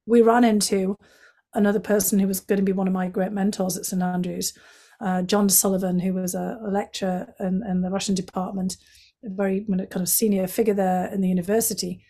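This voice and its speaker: A woman from Northeast England with a Northeast English accent, a guest telling stories from her life in a chatty way, full of "you know" and lively quotes of other people. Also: mid-range voice, fairly quick. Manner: chatty, many "you know" fillers, animated quoting of others. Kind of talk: reflective storytelling in conversation.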